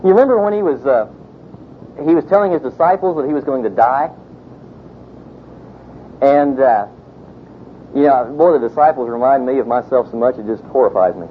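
A man's voice: normal speed, long pauses. A man preaching a sermon in a casual storytelling way, full of "you know" asides. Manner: conversational, many fillers, storytelling. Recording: tinny phone-like sound with vehicle rumble.

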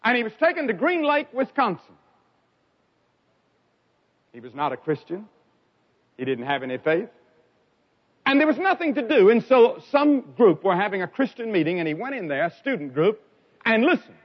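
A man preaching an evangelistic sermon, telling stories dramatically and swinging from loud cries to quiet lines. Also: big pitch swings, moderate pace, pauses often. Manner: dramatic storytelling with sharp swings in pitch and loudness. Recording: dull lo-fi recording.

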